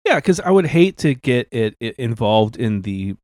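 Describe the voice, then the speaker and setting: A man hosting a comedy podcast, improvising as a doctor in a deadpan, halting way full of restarts. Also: medium pitch, no room sound, clean studio sound.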